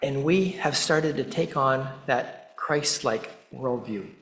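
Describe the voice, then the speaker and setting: A man preaching a sermon in a measured way, pausing deliberately and quoting scripture. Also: medium pitch, a bit bright, roomy sound, poor audio. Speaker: pastor.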